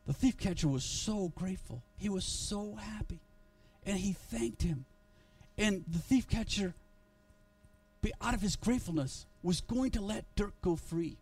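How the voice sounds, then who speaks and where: A male pastor telling a story in a sermon, earnest and halting, with frequent restarts, recorded in a church. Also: high voice, darkish tone, recorded from a distance, faint music behind.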